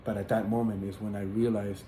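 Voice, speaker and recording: A man with a fairly low voice tells his religious testimony in an earnest, halting way. He stops often for fillers and repeats words as he goes. The recording sounds roomy, with a faint hiss of background noise. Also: flat delivery, warm tone. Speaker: person sharing a religious testimony. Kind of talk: personal testimony, casual spoken storytelling.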